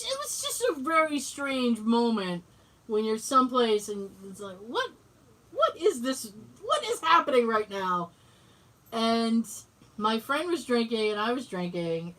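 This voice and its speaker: Telling a story in casual chat, a podcast co-host acts out quoted dialogue and swears freely. Her voice is on the high side, bright, and forceful. She sounds distant from the mic.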